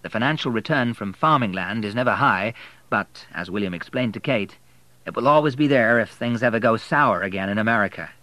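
A man narrating an audiobook in a measured, expressive way. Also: fairly low pitch, no room sound, low-quality recording.

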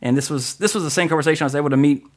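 A man co-hosting a casual podcast, reading listener emails aloud, tripping over words and joking about himself. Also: on the high side. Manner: fast-talking, trips over words, self-deprecating.

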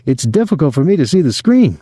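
A man's voice: a little high, very animated, quick pace, dark tone, breathy edge, no echo, clean studio sound, voice pushed up. A man voicing a cheeky teenage boy who provokes with feigned politeness. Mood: mocking. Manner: feigned politeness, mock drama.

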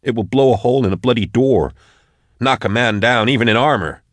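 A man voicing a frightened, sharp-tongued young woman in an audiobook, snapping and sarcastic. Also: mid-range voice, brisk, no echo, voice pushed up, natural voice. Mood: snappish. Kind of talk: audiobook character voice.

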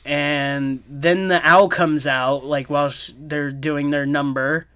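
A man's voice: a little high, steady tone, slow, pushed and bright, smooth. A young man co-hosting a casual podcast, retelling a movie plot with lots of filler words. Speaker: podcast co-host recapping a movie.

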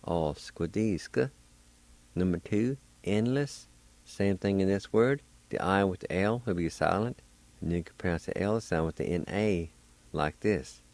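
Deep, slow-spoken male radio teacher. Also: darkish tone, dry recording. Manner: spells words letter by letter and repeats each word slowly. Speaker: radio host teaching Cherokee words. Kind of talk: slow radio language lesson.

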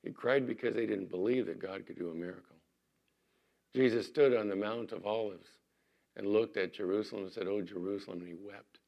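A man pastor preaching a sermon, with loud emphatic lines that drop to soft, quiet asides. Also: fairly low pitch, fairly quick, vocal fry.

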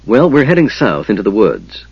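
A man voicing a weary, resolute male half-elf leader in an audiobook, speaking firmly and curtly with a husky voice. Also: lowish voice, wildly swooping pitch, normal speed, no room sound, lo-fi sound, full character voice. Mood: grim. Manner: firm, grim, curt.

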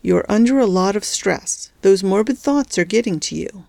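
Brisk nurse lady, firm and a bit scolding, read by a woman putting on a higher voice, dry close sound. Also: expressive, gravelly, darkish tone, no room sound. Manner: firm, disapproving, reassuring. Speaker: hospital nurse. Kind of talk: audiobook character voice.

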